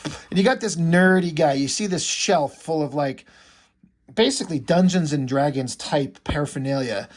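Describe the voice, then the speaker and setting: A man's voice: a little high, normal speed. A man talking casually and with enthusiasm as he reviews a comic, rambling a little and using lots of fillers.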